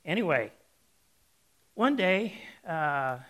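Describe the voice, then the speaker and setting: A male preacher tells a folksy, animated story at an unhurried pace, drawing it out. His voice sits a little high for a man. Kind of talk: storytelling sermon.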